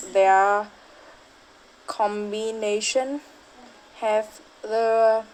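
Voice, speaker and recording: A woman's voice: mid-range voice, slight background noise, poor audio. A young woman student reading a class presentation, hesitant, with frequent fillers and self-corrections.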